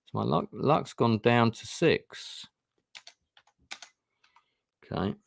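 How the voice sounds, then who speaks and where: A man's voice: medium pitch, takes it slowly, vocal fry. A man reading through a fantasy gamebook and chatting casually as he plays. He hesitates often and swears now and then. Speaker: gamebook player and streamer. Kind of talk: casual play-through narration.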